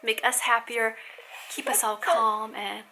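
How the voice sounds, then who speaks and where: Woman mother-vlogger, bright and chatty, fairly high, faint hiss, home. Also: little pitch movement, a little slow. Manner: chatty and affectionate. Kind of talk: casual chat while folding laundry.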